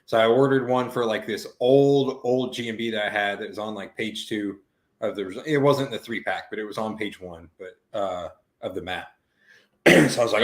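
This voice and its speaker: A man chatting casually as a co-host, his voice sitting fairly low. He rambles through long stories, full of fillers and loose swearing. The sound has a noticeable room echo. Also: moderate pace. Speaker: podcast co-host. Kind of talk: casual chat.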